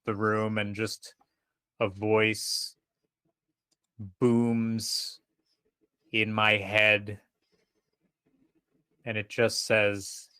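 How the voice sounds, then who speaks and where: A man playing a tabletop role-playing game, narrating his character's actions in first person, animated and profane. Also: fairly low pitch, extremely slow, long pauses, clear, resonant tone, no room sound. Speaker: player.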